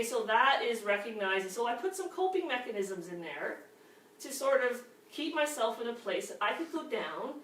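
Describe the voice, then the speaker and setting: A woman's voice: mid-range voice, fairly bright tone, slight background noise. A woman from Canada teaching a class, talking in a conversational way with frequent check-ins to her listeners. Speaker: workshop instructor. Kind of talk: class lecture on anger management. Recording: echoey room, distant mic, faint ambience.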